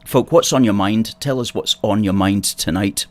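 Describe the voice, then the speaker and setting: Hosting a relaxed political livestream, this Ayrshire Scotsman speaks at a normal pace in a deep, low, slightly mellow voice with a Scottish accent. He reads out comments from viewers and responds conversationally, throwing in the occasional dry remark.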